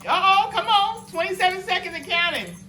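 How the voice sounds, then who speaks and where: A woman hosting a home eating challenge, cheering loudly and calling out the time left. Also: very high-pitched, animated, brisk. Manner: loud, encouraging, calls the timer. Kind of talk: excited cheering and commentary. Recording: echoey room with loud background noise.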